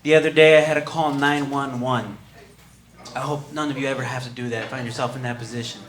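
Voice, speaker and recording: A young man doing stand-up with laid-back storytelling and deadpan punchlines, on a comedy club stage through a handheld mic. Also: mid-range voice, brisk. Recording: roomy club with audience noise.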